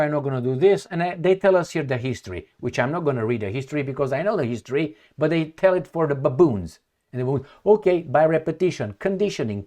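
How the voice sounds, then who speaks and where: A man comments on the news in a loud, mocking tone. His pitch swings widely and sits a bit high for a man. He keeps breaking off mid-phrase to hunt for the right word. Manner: sarcastic, heated, mocking; searches for words, repeats himself. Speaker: political commentator. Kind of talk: reading news aloud and reacting.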